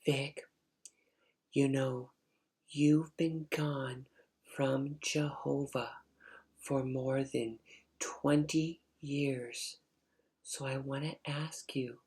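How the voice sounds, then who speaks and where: A man doing a hushed, tearful older mother. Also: rumbling low, breathy edge, pitched above the performer's own voice, exaggerated voice. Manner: soft whispering voice.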